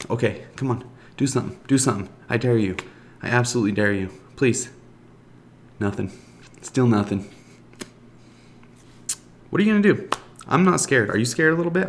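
A man giving excitable live commentary on his own mobile game matches, talking to viewers and taunting his opponent. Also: on the low side, slight background noise. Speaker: gaming YouTuber.

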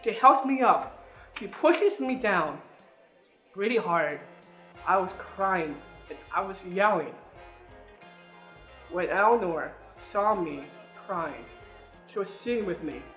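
A man's voice: sits high, animated, slow, pauses often, sharp tone. A young adult man telling a personal story straight to his listeners, earnest and repeating words as he goes. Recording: roomy sound with faint music.

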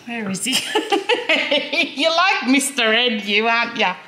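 A woman's voice: a little high, lively intonation, moderate pace, sharp tone, slight background noise, poor audio. An Australian woman vlogging casually, chatting and chiding her horse with a laugh. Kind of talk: casual vlog chat. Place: outdoors at home with a horse, then indoors.

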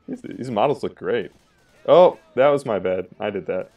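A man commenting live on a video game as he plays. He is excitable and keeps exclaiming, and his voice swings up and down with a very lively pitch. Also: moderate pace. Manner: excitable, exclaims and laughs often. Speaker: gaming channel host.

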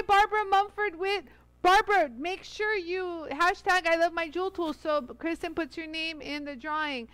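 On a dry recording, a woman with a high, fairly bright voice demonstrates jewelry tools on a livestream from a brightly lit studio bench. The Los Angeles-area host keeps it casual, greeting viewers individually and effusively.

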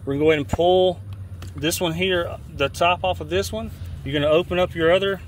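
A fishing guide from Georgia with a Southern accent walks through a repair step by step beside his boat, relaxed and folksy, often repeating or restarting phrases. His voice is a little higher than most men's and he talks fairly quickly. Faint background noise surrounds him outdoors.

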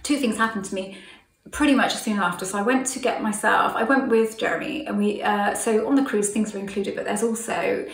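Woman, middle-aged, chatty storytelling, gravelly, a little far from the mic. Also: medium pitch, fairly quick, roomy sound. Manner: chatty, laughs often, animated quoting. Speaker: vlogger. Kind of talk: casual storytelling to camera.

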